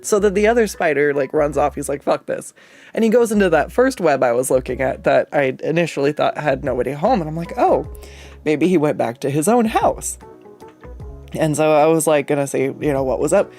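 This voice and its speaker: A streamer chats loosely while drawing, rambling through an anecdote with frequent swearing and laughter. The voice sits in a middle pitch. Soft music plays quietly behind. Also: fast, hardly any pauses. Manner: rambling, profane, laughs often. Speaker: artist and streamer. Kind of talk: casual storytelling while drawing.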